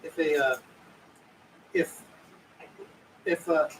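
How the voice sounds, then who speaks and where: A man's voice: on the high side, steady tone, very slow, fairly bright tone, recorded from a distance, slight background noise, low-quality recording. A man narrating as game master, rambling and searching for words.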